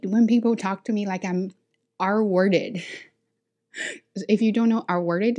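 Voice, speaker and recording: A woman's voice: takes it slowly, long pauses. A woman who speaks English as a second language, her first being Chinese, telling stories from her work as an ESL teacher in a frank, self-assured way and acting out quotes with a raised voice. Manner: animated, acts out quotes with high voices. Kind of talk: casual storytelling.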